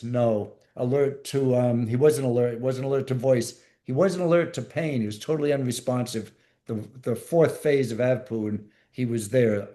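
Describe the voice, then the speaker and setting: Mellow-voiced veteran man telling war stories. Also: mid-range voice. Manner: vivid, plain-spoken storytelling with repeats and restarts. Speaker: podcast guest, former Navy SEAL medic. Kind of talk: storytelling interview.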